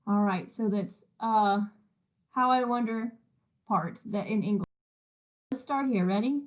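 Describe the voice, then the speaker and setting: A high-voiced woman teaches children a song, speaking slowly and patiently as she sings short phrases for them to repeat. She is encouraging and a little self-deprecating. The audio is dull and lo-fi. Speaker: music teacher. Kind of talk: online music lesson, call and response singing.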